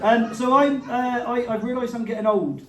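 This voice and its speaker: A comedian compering a village-hall gig speaks with an extremely high-pitched voice, holding a steady tone at a moderate pace. Chatty and cheeky, he swears and teases the crowd through stand-up and banter. The distant mic picks up an echoey hall, crowd laughter and slight background noise.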